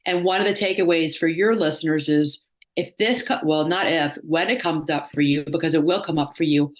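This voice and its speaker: A psychotherapist and life coach talks in a casual interview, her low-pitched voice moving a little fast. She tells stories animatedly, acting out the voices of the people she quotes.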